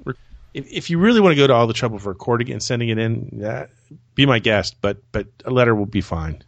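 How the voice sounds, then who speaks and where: A man's voice: medium pitch, expressive, fast talker, no echo, dull audio. A man hosting a casual podcast chat. He rambles and repeats words as he starts his sentences. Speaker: podcast host.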